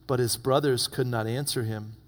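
A male pastor preaching a sermon, retelling a story dramatically and dropping to hushed tones for emphasis. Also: medium pitch, steady tone, moderate pace. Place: church. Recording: long reverb of a church hall.

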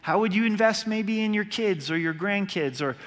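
A male pastor preaching a sermon in a conversational way, slowing down when he quotes scripture. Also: sits high, expressive, fairly bright tone. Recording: long hall reverb.

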